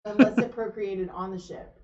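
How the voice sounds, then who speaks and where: A woman co-hosting a livestream and reading the live chat, chatty and quick to apologize. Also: mid-range voice, steady tone, darkish tone. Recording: roomy, distant, dull off-mic sound.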